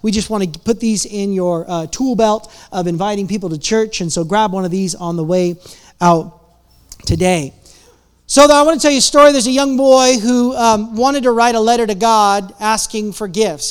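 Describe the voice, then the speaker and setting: Male pastor, casual sermon delivery, resonant and smooth. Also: high-pitched. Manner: casual, chatty preaching with self-interruptions. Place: church.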